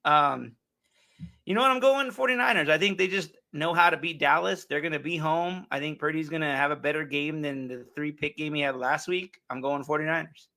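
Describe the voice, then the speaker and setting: A man's voice: a little high, steady tone, moderate pace, vocal fry, bright, forceful tone. A man co-hosting a casual sports talk show, blunt and laughing often as he reads out keys and stats. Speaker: show co-host.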